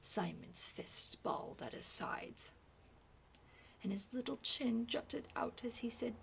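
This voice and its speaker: A woman reading a novel aloud in a hushed, soft-spoken ASMR style, partly whispered. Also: a little high, lively intonation, takes it slowly, vocal fry, a little hiss or hum. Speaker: ASMR reader.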